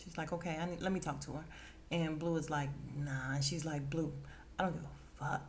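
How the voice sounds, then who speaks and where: A woman hosting a podcast, casually recapping a TV episode and acting out the characters' lines with lively, expressive delivery. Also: sits low, a little fast, a little hiss or hum. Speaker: podcast host.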